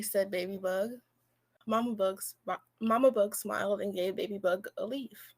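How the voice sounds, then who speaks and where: A woman's voice: medium pitch, steady tone, normal speed. A teenage girl on a video call reading a picture book aloud, correcting slips as she goes. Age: teens. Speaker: student volunteer reader.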